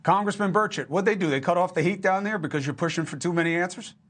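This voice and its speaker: Emphatic male news host, higher voice. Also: fast talker, fairly bright tone. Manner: emphatic, punchy questions. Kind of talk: cable news interview.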